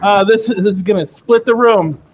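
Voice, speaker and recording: A man hosting a live comedy show, quizzing a comic in an excitable, playful way. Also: high voice, moderate pace, noisy background. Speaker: show host. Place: comedy studio stage with live audience.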